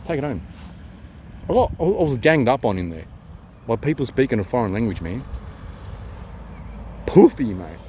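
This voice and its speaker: A man with an Australian accent ranting to his vlog camera while holding it, swearing and repeating himself, going from loud to hushed. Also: medium pitch, sing-song, a little fast, long pauses, a little hiss or hum. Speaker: vlogger. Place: outdoors near a town. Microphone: handheld camera at arm's length.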